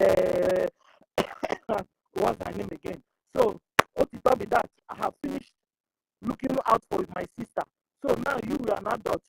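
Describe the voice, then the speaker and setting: A man in an online audio meeting, halting and repeating himself, often asking whether he is understood. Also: high-pitched, vocal fry, darkish tone, recorded from a distance, low-quality recording. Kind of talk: rambling spoken complaint.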